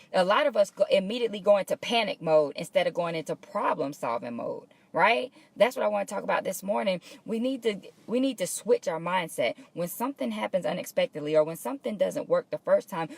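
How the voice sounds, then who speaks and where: Woman doing a morning motivation livestream from work, kinda low gravelly voice, dry sound, chatty and encouraging. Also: no room sound. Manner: chatty and encouraging, greets viewers by name. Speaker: host of a morning motivational live show. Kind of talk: casual motivational talk to a live audience. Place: at her workplace.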